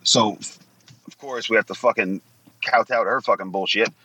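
Blunt, swearing husky man. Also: lowish voice, fairly even intonation, normal speed, sharp tone, low-quality recording. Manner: blunt, swears often, acts out quotes. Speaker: guest. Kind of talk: casual profane storytelling.

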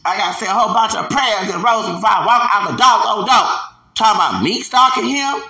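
A man's voice: sits high, expressive, fairly quick, bright, forceful tone, roomy sound, low-quality recording. A man in his forties from Houston, delivering a heated, emphatic podcast rant that keeps hammering the same points. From Houston, Texas. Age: 40s. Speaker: podcast host. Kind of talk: ranting podcast monologue.

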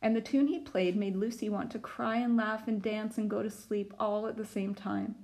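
Woman teacher, storybook read-aloud, chatty asides to the kids, middle pitch. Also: fairly even intonation, moderate pace. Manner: warm, chatty asides to listeners. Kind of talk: reading a storybook aloud to children.

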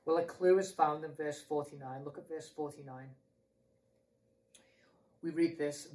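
A man's voice: on the high side, steady tone, measured pace, long pauses, darkish tone, far from the mic, rough recording. A British man preaching a sermon in a conversational way, asking rhetorical questions and repeating himself.

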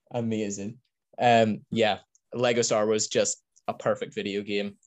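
A man's voice: fairly low pitch, level tone, measured pace, a little mellow. A man hosting a casual podcast chat, enthusiastic and rambling, laughing often. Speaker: podcast host.

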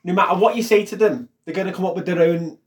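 A man's voice: high voice, fairly even intonation, fast talker, distant mic. A man co-hosting a podcast, reading out listener messages in a mocking tone and laughing often. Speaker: podcast co-host.

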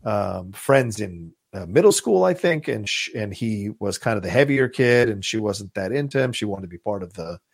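Gravelly man chatting about movies. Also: on the low side, animated, normal speed, hardly any pauses, dry recording, clean studio sound. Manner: rambling, enthusiastic, swears casually. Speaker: podcast co-host. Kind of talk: casual chat about movies.

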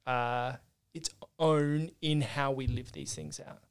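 A man's voice: medium pitch, steady tone, slow, gravelly, clear, resonant tone. A man co-hosting a podcast, earnestly explaining theology in casual discussion with frequent restarts. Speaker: podcast co-host.

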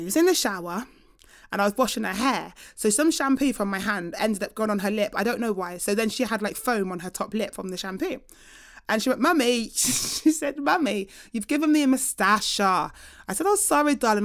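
A young woman from hosting a podcast and chatting casually, telling lively stories and acting out voices with laughter. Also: mid-range voice. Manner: animated storytelling, acts out voices with laughter. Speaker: podcast host. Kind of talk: casual chat.

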